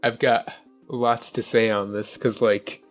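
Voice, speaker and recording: A man's voice: mid-range voice, level tone, takes it slowly, faint music behind. A man co-hosting a gaming podcast, talking casually and stumbling over repeated words. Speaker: podcast co-host. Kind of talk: casual chat.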